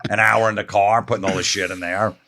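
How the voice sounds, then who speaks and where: Blunt, low-voiced guy. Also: fast talker. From New Jersey. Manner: blunt, profane, deadpan storytelling. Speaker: guest comedian. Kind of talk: storytelling on a podcast.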